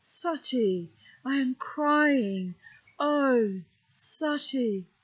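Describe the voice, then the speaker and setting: A woman's voice: high-pitched, lively intonation, extremely slow, breathy edge, voice pushed up, full character voice. A woman storyteller voicing a grief-stricken young goddess attendant, sobbing and wailing in lament. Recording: dull lo-fi recording.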